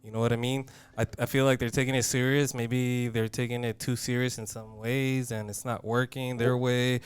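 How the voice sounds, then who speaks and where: Smooth-voiced male podcast co-host. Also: mid-range voice, flat delivery, normal speed. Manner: rambling, restarts his sentences, earnest. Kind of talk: casual podcast chat.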